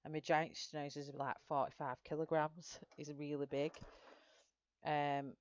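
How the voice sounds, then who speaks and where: A woman's voice: deep voice, little pitch movement, a little slow, lo-fi sound, slight background noise. A middle-aged woman chatting casually with viewers while she colours live, rambling from one story to the next. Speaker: colouring channel host.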